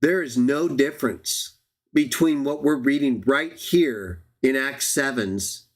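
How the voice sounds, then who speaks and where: A man's voice: medium pitch, takes it slowly. Male Bible teacher on a live stream, mid-range voice, argues his case with pointed questions to the audience. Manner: argumentative, addresses viewers as everybody, rhetorical questions. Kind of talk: live Bible study lecture.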